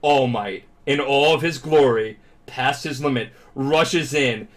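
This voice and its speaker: A drunk man hosts a casual podcast, retelling a story with lots of swearing and animated energy. His voice sits at an ordinary middle pitch. His delivery is loose and unscripted. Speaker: podcast host.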